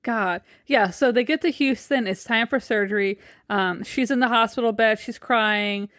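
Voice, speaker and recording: A woman co-hosting a podcast, chiming in with quick agreement and frank, sometimes crude remarks. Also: a little high, fairly bright tone, no room sound, studio quality. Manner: reactive, lots of agreeing murmurs and frank remarks. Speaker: podcast co-host. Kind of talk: casual recap chat.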